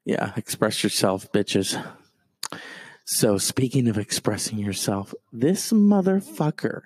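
A man doing stand-up storytelling, profane and animated, jumping from loud outbursts to low mutters. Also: slow, slightly rough.

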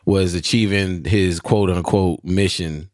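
A man's voice: sits low, fairly even intonation, unhurried, darkish tone, no echo, studio quality. A man in casual podcast chat, laid-back and questioning.

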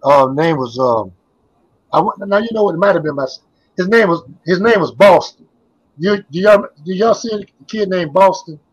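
An older man with a husky, breathy edge to his voice that sits higher than most men's. He tells his stories as a guest in a casual interview, circling back and repeating himself as he goes. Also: expressive, moderate pace, rough recording. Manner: rambling, repetitive storytelling. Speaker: guest, former basketball player.

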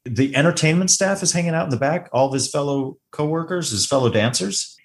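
A man's voice: on the high side, fairly quick. A man co-hosting a podcast, chatting casually about a film, joking and acting out quotes as he talks. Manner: animated, joking, acts out quotes. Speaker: podcast co-host. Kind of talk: casual film review chat.

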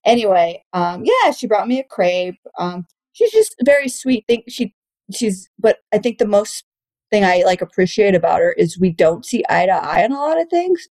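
A woman's voice: medium pitch, big pitch swings, normal speed, darkish tone. Candid, swearing woman comedian chatting. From Texas. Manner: candid, swears often, laughs through her stories. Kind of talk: casual podcast chat, storytelling.

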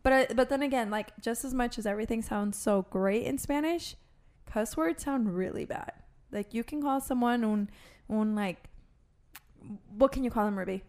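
A woman's voice: on the high side, moderate pace, darkish tone. A woman co-hosting a podcast, chatting playfully and leaning on fillers. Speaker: podcast co-host. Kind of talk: casual chat.

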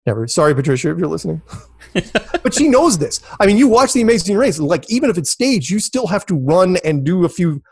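A man's voice: very animated, a little fast, creaky, breathy edge, no room sound. Middle-aged male guest, rambling storyteller, many restarts, dry close sound. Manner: rambling, repeats words, jumps to high pitch in quotes. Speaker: interview guest. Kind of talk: casual storytelling.

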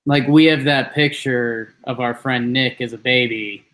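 A man's voice: fairly even intonation, measured pace, fairly bright tone. A man in casual podcast chat, telling a rambling story and acting out what people said. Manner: rambling storyteller, acts out quotes with jumps in pitch.

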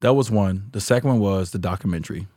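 A man talking as a podcast guest in a relaxed, reflective way, full of "like" and "you know". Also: on the low side, quick pace, no room sound, studio quality. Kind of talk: casual interview chat.

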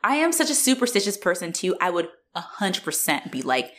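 Animated, profane young woman recapping a movie. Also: lowish voice, a little fast. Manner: profane, animated, laughs often. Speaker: podcast co-host. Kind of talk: casual movie recap chat.

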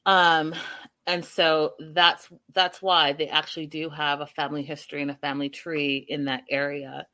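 A woman's voice: sits low, flat delivery, normal speed, sharp tone. A woman chatting casually to her viewers as she recaps a show, often turning to them directly. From Canada.

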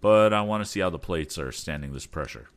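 A man voicing a calm, measured elderly inventor father in a storybook reading. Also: sits low. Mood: sober. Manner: measured, sober.

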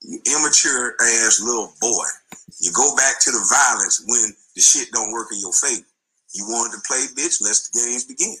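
A man's voice: mid-range voice, normal speed, sharp tone, low-quality recording. A man in an angry, profane rant, taunting and repeating insults. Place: front seat of his car.

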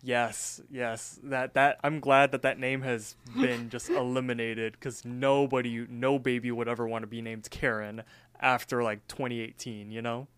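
A man co-hosting a podcast, telling stories in an animated way and swearing casually. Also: medium pitch, moderate pace, clean tone. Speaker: podcast co-host. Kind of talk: casual chat.

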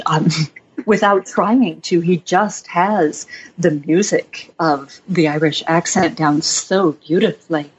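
A woman author answering interview questions in a reflective, measured way, with fillers and light laughs. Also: low voice, darkish tone, breathy edge. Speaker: author and guest. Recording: slightly dull, lo-fi sound.

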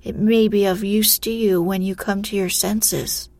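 A woman voicing an ancient male mountain spirit who guards a treasure, with a hoarse, grating voice. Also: mid-range voice, fairly even intonation, a little slow, darkish tone, no room sound. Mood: solemn.

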